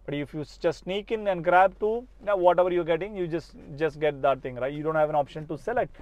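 A man's voice: a little high, fairly quick, darkish tone, no echo. A man with a Malayalam accent, a native Malayalam speaker teaching spoken English, talking earnestly and often checking in with "right?". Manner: earnest, repeats words and asks "right?". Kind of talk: motivational spoken-English lesson. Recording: dry, slightly dull sound.

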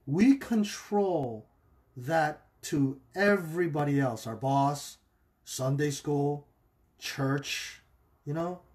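In a relaxed livestream on marriage, a male pastor talks conversationally with a rather high voice. Quoted excuses get animated impressions, and a quick "okay?" regularly checks that listeners are with him.

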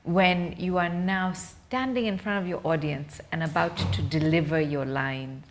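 A woman's voice: sits low, measured pace, a little hiss or hum. A woman hosting an interview, listening attentively and asking questions with frequent short affirmations. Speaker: interview host. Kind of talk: casual interview.

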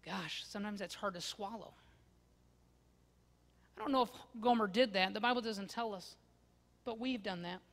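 High-voiced man preaching in an echoing church. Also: normal speed, long pauses. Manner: expressive, swinging from loud emphasis to hushed asides. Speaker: pastor. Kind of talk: sermon. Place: church sanctuary. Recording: long church-hall reverb.

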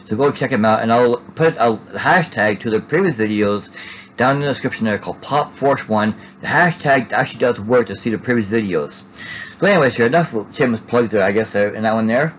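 A man's voice: mid-range voice, a little fast, a little hiss or hum, low-quality recording. A man casually narrating an unboxing at home, rambling and tacking "there" onto his sentences. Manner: rambling, repeats "there" and restarts often. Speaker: Funko collector vlogger.

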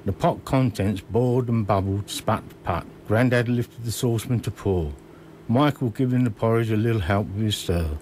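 A man in his sixties from Kent, reading his own memoir slowly and measuredly in a radio studio. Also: lowish voice, a little mellow, a little hiss or hum.

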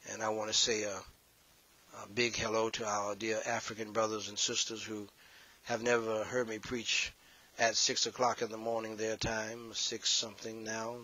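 Bright-voiced male preacher, scolding. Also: lowish voice, poor audio. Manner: animated, scolding, addresses the congregation directly. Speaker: pastor. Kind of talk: sermon.

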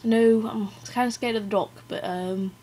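An American woman putting on an exaggerated, halting fake British accent into a webcam during a vlog challenge. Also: on the high side, completely flat delivery. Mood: faking British. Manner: overdone, halting, self-conscious.

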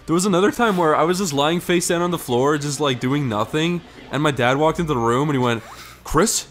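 A man telling funny childhood stories in a casual chat, laughing and hiccuping while he yells impressions. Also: a little high, brisk. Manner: loud laughing storyteller, yelps impressions. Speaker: podcast regular.

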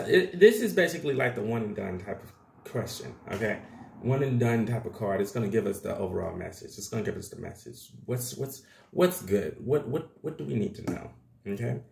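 This is a man with a fairly low, gravelly voice, giving a casual tarot reading to his viewers. He talks loosely and chattily, with a lot of slang and plenty of y'all. The sound is roomy, with a clear echo off the walls. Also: darkish tone. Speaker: tarot reader. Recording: echoey room.

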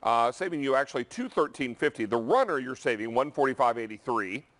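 A man's voice: mid-range voice, lively intonation, fairly quick, a bit bright. A man hosting a home shopping broadcast, reading out prices and savings in an upbeat, salesy way. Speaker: shopping channel host. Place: TV studio.

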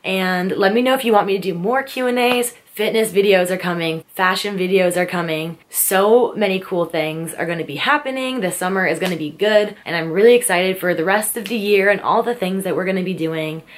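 A woman's voice: medium pitch, brisk, hardly any pauses. A young woman answering viewer questions in a casual vlog, talking freely with many fillers. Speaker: vlogger.

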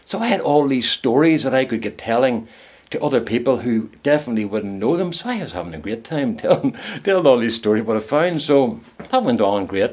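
A man's voice: on the low side, a little mellow. A man casually telling a funny personal anecdote, rambling along and chuckling at his own story.

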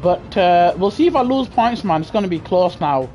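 A young British man chatting excitably to his live chat while playing a racing game on a headset mic. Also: high voice, normal speed, muffled recording, soft background music. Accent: British English. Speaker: gaming livestreamer. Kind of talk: casual live gameplay commentary. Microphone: gaming headset.

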